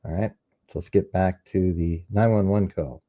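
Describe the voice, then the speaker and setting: A man's voice: low voice, steady tone, moderate pace, lo-fi sound, heavy background noise. A man giving a casual, step-by-step breakdown of a recording and pointing out its details. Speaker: true crime commentator. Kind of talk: casual analysis, walking through a recording.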